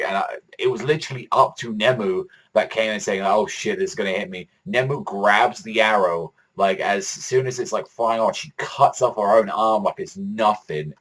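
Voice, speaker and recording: A man giving a casual, rambling review of a manga chapter, swearing often and filling his talk with "like". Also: lowish voice. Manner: rambling, profane, heavy use of "like"; excitable fan enthusiasm.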